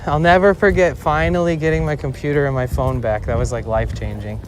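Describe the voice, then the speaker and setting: A man streaming outdoors, casually telling a story in a loose, profane, animated way with acted-out quotes. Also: medium pitch, fairly quick. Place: outdoors in a city. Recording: outdoor street noise behind.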